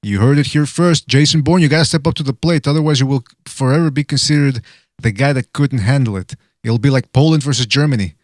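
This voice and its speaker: Fast-talking joking male podcast host. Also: medium pitch, no room sound, studio quality. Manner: joking, hyping up callouts. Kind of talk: casual call-in podcast chat.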